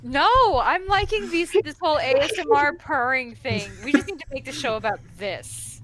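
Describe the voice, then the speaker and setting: High-voiced joking woman co-host. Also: animated, normal speed, a bit bright. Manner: flirty, joking, reads articles aloud. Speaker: podcast co-host. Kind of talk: casual banter and reading news.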